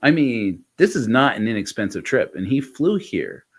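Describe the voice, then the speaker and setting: A middle-aged man hosting a podcast, telling a story in a loose, rambling way, acting out the dialogue and chuckling often. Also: normal speed. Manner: animated, reenacts dialogue with jumps in pitch. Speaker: podcast host. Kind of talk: casual storytelling chat.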